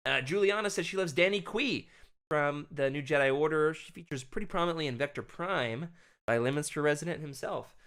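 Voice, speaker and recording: A man's voice: on the high side, brisk, fairly bright tone, clean tone. A man hosting a casual livestreamed podcast, talking animatedly and reading out chat comments. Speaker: podcast host.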